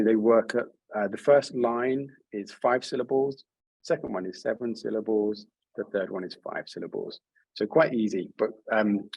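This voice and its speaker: A man's voice: fairly low pitch, a little mellow, breathy edge, no echo, poor audio. A man leading an online writing workshop over a video call, speaking in a friendly, encouraging way with frequent restarts. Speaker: workshop leader.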